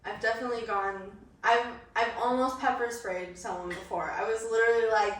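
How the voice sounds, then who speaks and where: A woman's voice: on the high side, brisk, few pauses, fairly bright tone. A young woman co-hosting a podcast, chatting casually, blunt and swearing freely, often laughing. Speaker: podcast co-host. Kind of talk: casual chat. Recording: echoey room, mic at a distance, faint noise.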